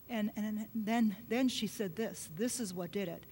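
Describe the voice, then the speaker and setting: A woman's voice: a little slow, hardly any pauses. Earnest woman preaching in a reverberant hall. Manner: earnest, drops to a soft hush at emotional points. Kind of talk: sermon with personal storytelling. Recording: long hall reverb with faint low rumble.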